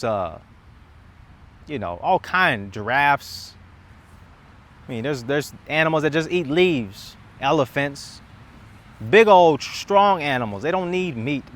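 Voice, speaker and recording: A man's voice: fairly high pitch, fairly bright tone. A young man speaking in a casual, rambling monologue, impassioned and emphatic, often repeating words and restarting his sentences, recorded outdoors in a city. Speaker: content creator.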